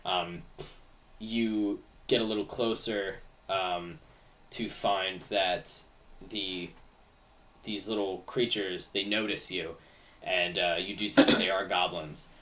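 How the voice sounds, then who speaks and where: A man's voice: sits low, fairly even intonation, takes it slowly, fairly bright tone, distant mic, a little hiss or hum. A man running a tabletop game as game master, narrating in a loose, rambling way full of "like" and "kinda". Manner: rambling, many fillers like "like" and "kinda".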